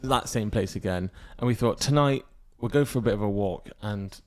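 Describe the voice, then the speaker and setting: A man's voice: fairly low pitch, normal speed, darkish tone. A young man co-hosting a podcast, telling a rambling family story with acted-out quotes. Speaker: podcast co-host. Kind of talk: casual storytelling chat.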